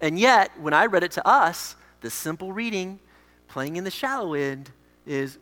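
Emphatic high-voiced male pastor, reverberant hall. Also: lively intonation, moderate pace. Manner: emphatic, swings between loud declarations and quiet asides. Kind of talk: sermon.

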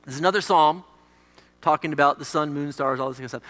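A man preaching a sermon as pastor, emphatic, moving between loud declarations and quiet asides. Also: fairly high pitch, fast, long reverb tail.

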